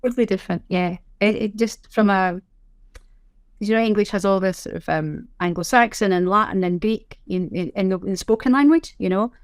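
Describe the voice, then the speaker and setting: A Scottish woman chats as a podcast guest, self-deprecating and full of quick asides. Her voice sits mid-range and the recording is dry and close. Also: medium pitch, no room sound. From Scotland. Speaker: guest, sign language interpreter. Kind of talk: casual interview chat.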